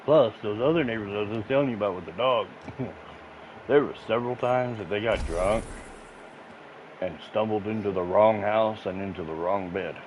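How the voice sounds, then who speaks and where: A man whose voice is on the low side speaks at normal speed while gaming on stream. He tells rough, rambling tales full of swearing, punctuated by laughter. The sound is muffled lo-fi over a noisy background.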